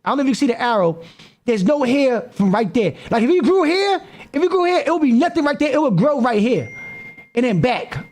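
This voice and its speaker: A man giving animated reaction commentary on a live stream, repeating himself and calling out. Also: very high voice, brisk.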